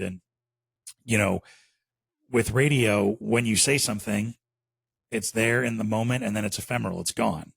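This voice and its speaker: Male guest, Chicago accent, low husky voice, dry recording, loose conversational delivery. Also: dry recording. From Chicago area. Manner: relaxed, rambling with many fillers. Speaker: podcast guest. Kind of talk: casual interview chat.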